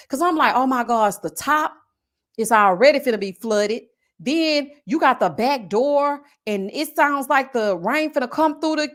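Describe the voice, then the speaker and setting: A woman from Houston, hosting a livestream and telling stories in animated, slangy casual chat while reading super chats. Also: on the high side. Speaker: livestream host.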